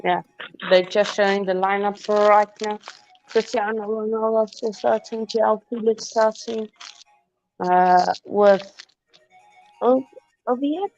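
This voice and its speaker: Playful female co-host who heckles slowly, recorded on a dull, muffled mic. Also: medium pitch, fairly even intonation, darkish tone, soft background music. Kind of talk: casual live commentary chat.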